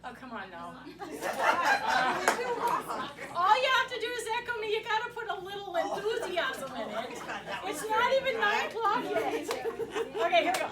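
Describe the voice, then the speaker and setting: A woman's voice: very high voice, lively intonation, normal speed, long pauses. A Canadian woman folk singer singing and chatting with her audience at a live cafe concert. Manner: chatty, laughing, coaxing the audience to sing along. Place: small cafe venue with audience. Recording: roomy live recording from a distance, with crowd and music.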